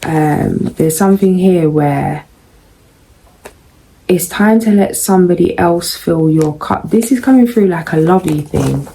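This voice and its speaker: Woman tarot reader, low gravelly voice, slow musing delivery, faint background hiss. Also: warm tone, poor audio. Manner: unhurried, musing, frequent ums and laughs. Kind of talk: casual tarot reading.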